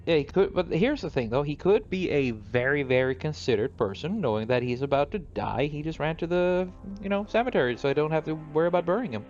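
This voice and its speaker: A man's voice: fairly high pitch, expressive, fast talker, few pauses, a little mellow, muffled recording, faint music behind. A man hosting a casual podcast chat and asking curious, easygoing questions. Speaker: podcast host.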